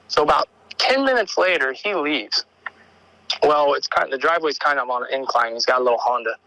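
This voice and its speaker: A man's voice: mid-range voice, pushed and bright, no room sound, rough recording. A man calling in to tell an encounter story, rambling and repeating words as he acts out what people said. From Oregon. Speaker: caller sharing an encounter story. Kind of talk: animated storytelling.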